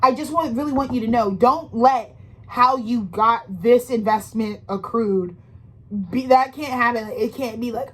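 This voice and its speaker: Woman, tarot reading, casual monologue, rambling, emphatic, slangy, higher voice. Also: normal speed, a bit bright, slightly rough, low-quality recording. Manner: rambling, emphatic and profane, with frequent restarts; slangy, intimate direct address to the listener. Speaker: tarot reader.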